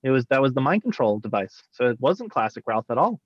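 A man's voice: medium pitch, big pitch swings, fast talker, slightly rough, dry recording. Rambling man on a dull, dry mic. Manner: rambling, filler-heavy, argumentative. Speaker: podcast co-host. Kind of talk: casual chat reviewing a series.

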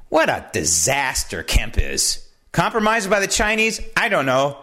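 Animated male political talk host. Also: fairly high pitch, moderate pace. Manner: animated, asks rhetorical "right?" often; digresses into anecdotes. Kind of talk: political commentary monologue.

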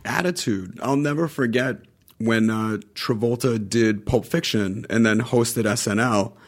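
A man in his forties telling stories in a casual podcast chat, acting out quoted lines with raised pitch and laughter. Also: a little slow. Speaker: podcast guest, actor.

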